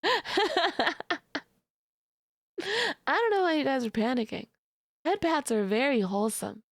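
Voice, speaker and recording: A woman's voice: sits high, animated, slow pace, no echo, clean studio sound. A young adult woman streamer chatting casually with her audience, giggly and playfully teasing. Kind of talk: casual live-stream chat.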